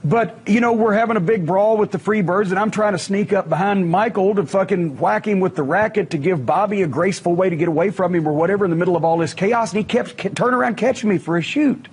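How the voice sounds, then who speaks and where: A middle-aged man telling wrestling stories in casual talk, profane and animated, acting out the quotes. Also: sits high, fast talker, few pauses, breathy edge. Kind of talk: casual storytelling on a podcast.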